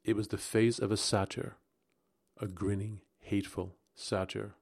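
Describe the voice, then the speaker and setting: Lower-voiced man reading a dark tale. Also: unhurried, gravelly, slightly rough. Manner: expressive, rising into agitation at tense moments. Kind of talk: dramatic audiobook narration.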